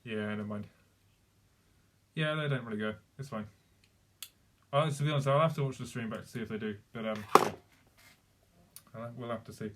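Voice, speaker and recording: A young man talks casually to his live-stream viewers, rambling along with lots of fillers and restarts. His voice sits at an ordinary middle pitch. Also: fairly quick, pauses often, heavy background noise.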